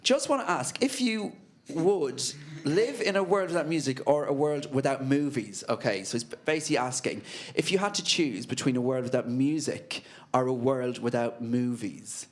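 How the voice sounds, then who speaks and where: A man's voice: medium pitch, normal speed. A man interviewing a band, asking chatty, rambling questions with fillers.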